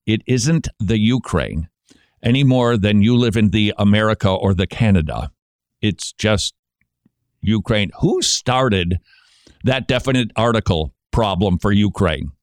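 A man hosting a Christian radio show, giving sarcastic commentary and breaking into mocking shouted impressions. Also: fairly low pitch, measured pace, no room sound, clean studio sound.

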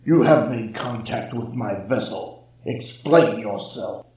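A man booming as an ancient jar spirit. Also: distant mic. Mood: commanding. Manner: slow, commanding, loud. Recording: roomy, slightly dull recording.

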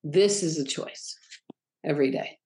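A middle-aged woman speaks as a guest in an interview, her voice sitting a little low. She tells stories with animation and jumps up high when she mimics the people in them. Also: unhurried. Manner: animated, acts out quoted voices in a high pitch. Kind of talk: storytelling interview talk.

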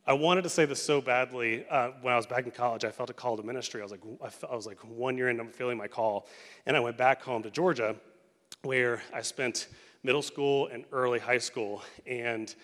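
Male pastor, thirties, conversational animated sermon, mid-pitched, big hall reverb. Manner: casual, animated preaching with quick acted quotes. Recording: long reverb of a large hall.

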